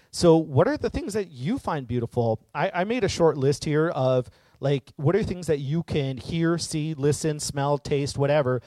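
An earnest man talks through his thoughts in a casual, reflective monologue, wandering with fillers and restarts. His voice sits a little high. The sound is dry and close, with no room echo. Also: a little mellow.

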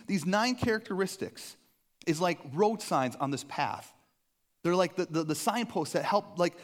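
Casual, jokey man preaching a sermon. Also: on the high side. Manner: conversational, jokey, acts out quoted voices. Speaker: pastor.

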